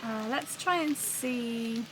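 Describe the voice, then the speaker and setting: A woman's voice: fairly high pitch, takes it slowly, background noise. A woman hosting a livestream, chatting and thinking aloud as she builds a soundscape. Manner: chatty, musing, talks to live chat. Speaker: show host building a soundscape live.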